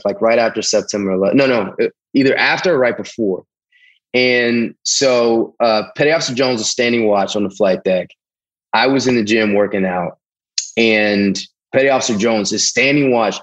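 A middle-aged man from the American South with a Southern accent, telling a long personal story as an interview guest in a rambling, animated way. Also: mid-range voice, low-quality recording. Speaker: guest, Navy veteran. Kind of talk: casual storytelling.

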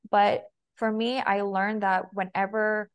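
A woman's voice: medium pitch, flat delivery, takes it slowly, clear, resonant tone. A young woman talking casually as a podcast guest, chatty and full of "like", acting out her own and her partner's lines. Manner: chatty, heavy use of "like", quotes herself and her partner. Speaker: guest, femininity and body language coach.

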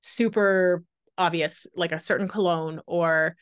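A woman's voice: fairly low pitch, steady tone, a little slow, smooth, no room sound, clean studio sound. A woman guest on a podcast, telling personal stories candidly in a rambling way full of filler words. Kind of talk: candid conversational storytelling.

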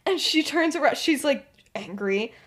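High, lively, giggly woman storyteller. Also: moderate pace. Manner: giggly, filler-heavy retelling. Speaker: podcast co-host. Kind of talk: casual storytelling.

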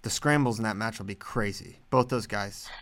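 A man co-hosting a podcast, chatting casually about wrestling picks with quick, animated banter. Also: on the low side. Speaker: podcast co-host. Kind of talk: casual sports chat.

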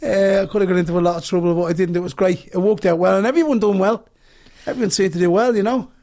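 A man with a notably high voice chats casually as a guest comedian. His manner is easygoing and modest, and he chuckles as he talks. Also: steady tone, quick pace, mellow. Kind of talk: casual interview chat.

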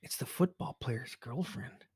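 A man recapping a horror movie in casual chat, excitable and profane, acting out his own reactions. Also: medium pitch, a little slow, slightly rough, dry recording, clean studio sound. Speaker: movie reviewer.

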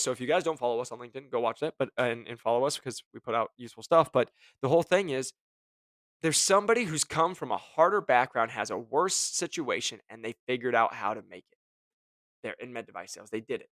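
An energetic man hosts a casual motivational talk, talking in a fairly high voice and joking as he acts out what other people might say. The sound is dry and close, with almost no room. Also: no echo. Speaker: host.

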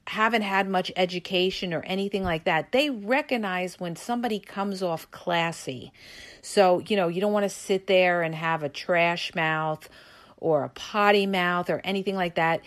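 A woman hosting a podcast, giving emphatic, coaching advice to listeners, checking in often with "okay?" and "all right?". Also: medium pitch. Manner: addresses listeners as "you guys". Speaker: podcast host. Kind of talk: casual advice monologue.

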